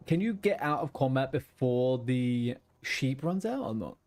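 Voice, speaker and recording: A man's voice: mid-range voice, lively intonation, unhurried, darkish tone, no room sound. A man streaming a game, chatting casually, swearing and muttering to himself as he plays. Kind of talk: casual gaming livestream chat.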